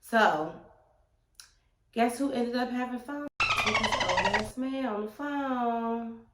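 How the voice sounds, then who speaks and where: Animated young woman telling a storytime. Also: fairly high pitch, slow, echoey room, heavy background noise. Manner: animated, slangy, addresses viewers as y'all. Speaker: vlogger. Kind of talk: storytime vlog.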